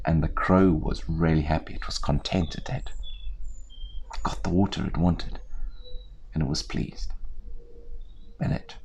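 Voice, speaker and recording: A man storyteller talking to viewers in a lively, chatty way with playful asides, indoors on a small theatre set. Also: a bass voice, measured pace, pauses often, dull audio, a little hiss or hum.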